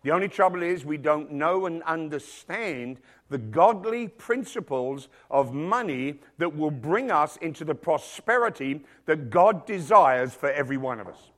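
A middle-aged pastor preaches to his church, where the congregation and children are present, his fairly high voice expressive and a little slow. He delivers the sermon emphatically, full of rhetorical questions.

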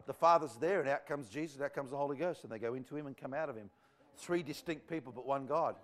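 Fervent preacher, higher voice. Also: male voice. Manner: fervent, rambling, conversational preaching. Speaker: visiting evangelist. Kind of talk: revival sermon to a live congregation. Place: church before a congregation.

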